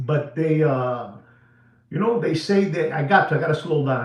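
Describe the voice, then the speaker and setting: Excitable bilingual man. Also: normal speed, echoey room, distant mic, lo-fi sound. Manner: excitable, switches between English and Spanish, repeats himself; drops to a low serious tone. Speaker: watch channel host. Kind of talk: animated casual monologue.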